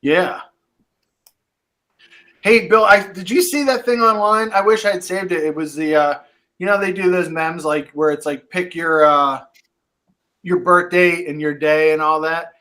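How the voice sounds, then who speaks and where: A man's voice: fairly high pitch, measured pace, long pauses, pushed and bright. A man with a Pittsburgh accent co-hosting a podcast in casual chat, rambling and joking at his own expense. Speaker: podcast co-host.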